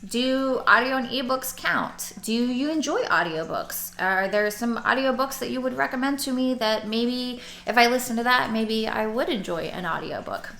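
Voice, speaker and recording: Bright-voiced chatty woman vlogger. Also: a little high, gravelly. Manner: rambling, chatty, with restarts and laughs. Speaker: book vlogger. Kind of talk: casual chat to camera. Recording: roomy echo.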